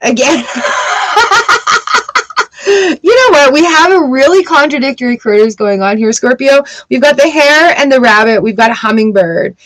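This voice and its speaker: A woman's voice: high-pitched, moderate pace, low-quality recording. A woman reading tarot cards for a live audience, chatty and upbeat, greeting viewers by name between cards. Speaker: tarot reader.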